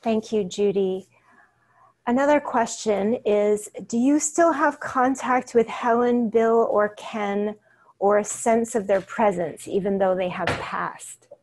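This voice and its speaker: Woman interviewer, measured and slow, mid-pitched. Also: a little mellow, poor audio. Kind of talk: reading out audience questions.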